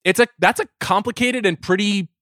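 Animated man co-hosting a podcast chat. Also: high voice, fairly quick, no echo, clean studio sound. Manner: animated, jokey, breaks into laughs. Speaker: podcast co-host. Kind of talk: casual chat.

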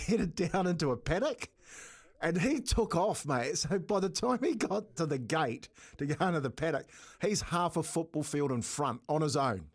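A middle-aged man with a New Zealand accent, co-hosting a radio show, telling a funny family story with frequent laughter and lots of "mate". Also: fairly high pitch. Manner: chatty, laughs often, says "mate" a lot. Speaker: radio co-host. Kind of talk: casual radio banter and storytelling.

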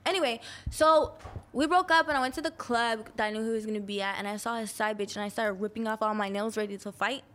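Animated young woman telling a wild story. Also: fairly high pitch, quick pace. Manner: animated, crude, acts out quoted voices. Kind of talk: casual storytelling chat.

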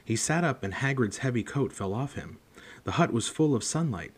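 A man hosting a show and reading a book aloud in a measured, steady narration. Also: medium pitch, breathy edge. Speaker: host and reader. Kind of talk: audiobook narration.

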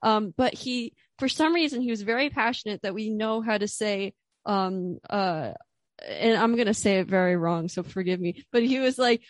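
A woman's voice: mid-range voice, moderate pace, no room sound, clean studio sound. A young woman hosting an interview podcast, chatty and given to laughing. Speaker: podcast host. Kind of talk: casual interview.

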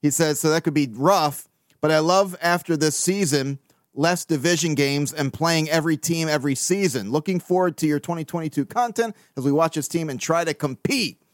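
A man's voice: on the high side, moderate pace, dry recording, clean studio sound. A man hosting a casual solo podcast, reading listener emails in a loose, rambling way, swearing casually and laughing often.

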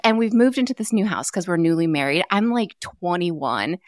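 Woman, podcast host, casual chat, animated storyteller, expressive pitch. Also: brisk, dry recording, studio quality.

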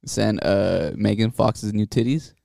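A young man in casual podcast chat who laughs often and tells things in a relaxed way. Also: lowish voice, a little slow, gravelly, no room sound, studio quality.

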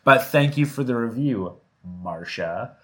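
A man's voice: mid-range voice, animated, a little slow, a bit bright. A man co-hosting a podcast in casual chat, joking and sarcastic. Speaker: podcast co-host.

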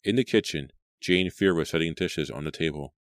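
A man reads a storybook aloud, steady and measured. His voice is extremely deep, and the recording is dry and close, with almost no room sound. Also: no echo. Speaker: audiobook narrator. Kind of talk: scripted audiobook narration.

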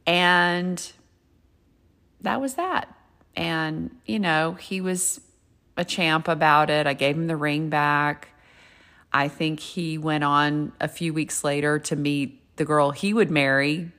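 A woman's voice: deep voice, steady tone, takes it slowly, fairly bright tone. A woman in her fifties telling a candid personal story and giving advice in a frank, chatty way, with casual swearing. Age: 50s.

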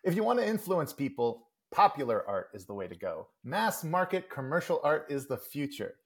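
Calvin is a brash, money-minded little boy from a comic strip, read aloud by a man who pushes his pitch up and lets it leap around. The voice is a little husky and scoffs at everything. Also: moderate pace, exaggerated voice. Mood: scornful. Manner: indignant, excited read-aloud.

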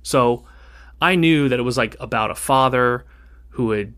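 Bright, animated man in casual podcast chat, rambling storyteller. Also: medium pitch, normal speed. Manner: rambling, animated, acts out quoted dialogue. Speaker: podcast co-host.

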